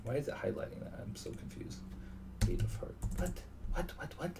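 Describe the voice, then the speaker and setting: Male poker streamer, low gravelly voice, muttering live commentary; distant mic, noisy room. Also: moderate pace. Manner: mutters to himself, thinking aloud. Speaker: online poker player. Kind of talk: live commentary on his own poker session. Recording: distant mic with steady background noise.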